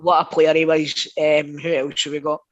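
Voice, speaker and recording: A man's voice: fairly high pitch, level tone, normal speed, fairly bright tone, lo-fi sound. A man co-hosting a football podcast, blunt and emphatic, swearing casually as he gives his opinions. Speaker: podcast co-host.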